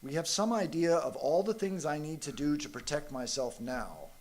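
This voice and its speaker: A man, a monk, giving a spiritual talk, telling a parable in a relaxed, conversational way with frequent fillers. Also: on the high side, normal speed. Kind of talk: sermon with storytelling.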